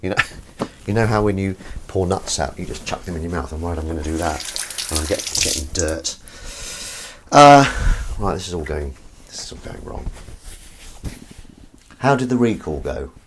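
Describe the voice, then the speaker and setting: Guy washing up on a livestream, lowish voice, rambles and laughs at himself, plates and cutlery clinking loud in the background. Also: expressive, moderate pace, noisy background. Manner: chatty and rambling, self-deprecating, frequent restarts and asides to viewers. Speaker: livestream host. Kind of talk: casual chat while washing up, reading viewer comments. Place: home kitchen at the sink. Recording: kitchen with clattering dishes and cutlery behind.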